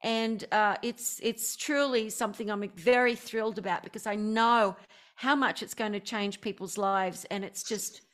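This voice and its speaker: A woman's voice: medium pitch, fairly even intonation, normal speed, a bit bright. A woman from Australia with an Australian accent, chatting as an interview guest, bubbly and enthusiastic, laughing often. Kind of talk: casual interview chat.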